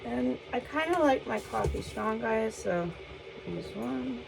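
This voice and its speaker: On the high side with lively intonation and vocal fry, a woman speaks slowly while casually showing viewers how to cook at home. She narrates chattily, calls them "guys," sounds a bit breathless, and the kitchen recording is noisy.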